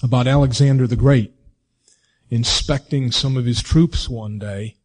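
A male preacher delivers a sermon in a medium-pitched voice, using expressive, drawn-out emphasis and rhetorical questions.

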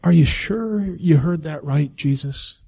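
A man's voice: a little high, a little slow, darkish tone, breathy edge. A male preacher voicing the devil as a sly male tempter who needles with mocking questions. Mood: taunting.

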